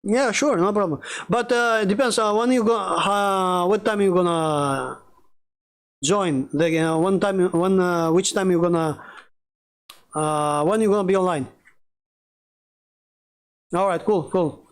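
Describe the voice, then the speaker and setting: Excitable high-voiced gaming streamer man. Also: measured pace, pauses often, clean tone. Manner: rambling, excitable, swears a lot. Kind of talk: casual live-stream chat.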